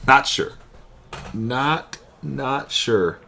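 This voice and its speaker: A man's voice: medium pitch, animated, extremely slow, vocal fry, pushed and bright, a little hiss or hum. A young man hosting a live card-opening stream, chatting and calling out each card as he pulls it. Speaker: card break host.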